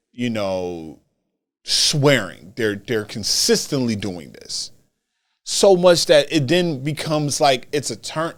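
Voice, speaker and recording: A man hosting a solo wrestling commentary podcast, talking in an animated way and repeating phrases for emphasis. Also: medium pitch. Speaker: podcast host.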